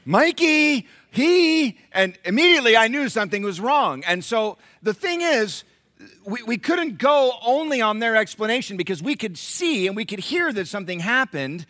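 A middle-aged male pastor preaching a sermon in a church, animated and conversational, quizzing the congregation. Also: sits high, normal speed, dry recording, clean studio sound. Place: church sanctuary.

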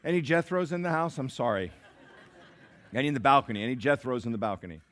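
Bright-voiced preacher with big swings. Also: male voice, mid-range voice, animated. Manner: swings between shouted climaxes and hushed, slow asides. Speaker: pastor. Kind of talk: sermon. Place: church sanctuary.

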